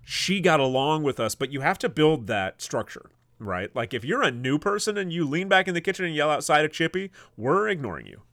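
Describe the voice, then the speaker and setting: A man's voice: fairly high pitch, big pitch swings, fairly quick, fairly bright tone, dry recording. A man co-hosting a casual podcast, telling kitchen stories in a blunt, profane way and laughing often. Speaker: podcast co-host, former cook. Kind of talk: casual chat.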